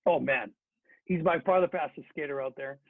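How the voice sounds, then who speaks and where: A middle-aged man spins a casual story in a chatty, rambling way. His voice is slightly high and husky. The sound is dry and narrow, like a phone line. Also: moderate pace, no room sound. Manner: chatty, with many fillers and restarts. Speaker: former hockey player, guest.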